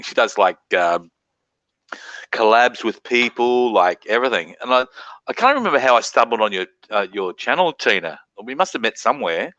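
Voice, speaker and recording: Rambling Australian man, bright dry voice. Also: on the low side, dry recording. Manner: rambling, swears freely, laughs often. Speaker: livestream host. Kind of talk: casual late-night chat.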